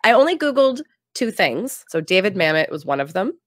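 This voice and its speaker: A woman co-hosting a casual podcast, animated and giggly as she recaps a TV episode. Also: mid-range voice, fairly quick, dry recording, studio quality. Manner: animated, giggly, quotes lines in put-on voices. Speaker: podcast co-host. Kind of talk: casual chat.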